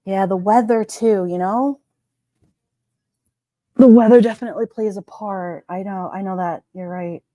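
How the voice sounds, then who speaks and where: A woman's voice: medium pitch, a little slow, pauses often, no room sound. A chatty woman hosts a casual livestream and talks back to viewer comments. She laughs easily and fills her talk with "like" and "you know." Her voice sits mid-range and is recorded dry and close. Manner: chatty and animated, laughs often, many "like"s. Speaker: livestream host. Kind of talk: casual chat reading live comments.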